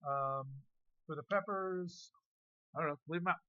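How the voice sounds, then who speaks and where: A man's voice: on the high side, unhurried, bright, forceful tone, dry recording, lo-fi sound. A man chef chatting casually and joking with filler words while demonstrating a recipe.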